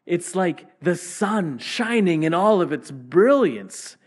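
A man preaching a sermon, swinging between loud exclamations and hushed whispers. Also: sits high, sing-song, takes it slowly, husky.

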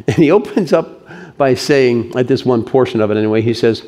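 A man preaching a sermon, animated, swinging between raised emphasis and hushed delivery. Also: medium pitch, fairly quick. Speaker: pastor.

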